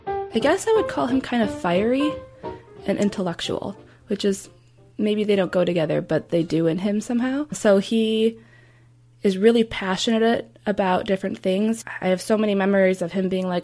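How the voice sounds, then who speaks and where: A young woman tells stories about her grandfather in a loose, conversational way. She talks casually and fills her speech with little fillers. Her voice sits at an ordinary middle pitch. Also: fairly even intonation, fairly quick, a little mellow. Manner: casual, chatty, with frequent fillers. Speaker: interviewee, grandchild. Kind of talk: personal recollection.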